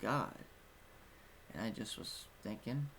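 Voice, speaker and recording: A man's voice: medium pitch, unhurried, slight background noise. A young man telling a personal story in a casual vlog, rambling and frank, swearing now and then. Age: young adult. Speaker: vlogger.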